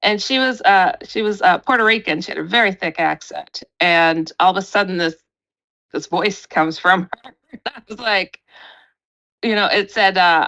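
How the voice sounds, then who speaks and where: Animated middle-aged woman, muffled lo-fi sound. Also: normal speed. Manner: acts out quotes with big pitch jumps, laughs often. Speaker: paranormal researcher and radio host as interview guest. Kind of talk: animated storytelling.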